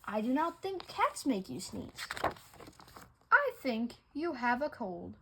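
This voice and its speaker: A calm, matter-of-fact cat doctor from a storybook, as a woman reads it. The voice is slow and a touch lower than her own. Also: gravelly, noisy background, full character voice.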